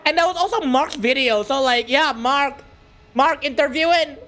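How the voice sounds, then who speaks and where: A young adult streamer chatting casually with viewers, excitable, laughing often and stumbling over repeated words when flustered. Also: sits high, normal speed. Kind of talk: casual live-stream chat.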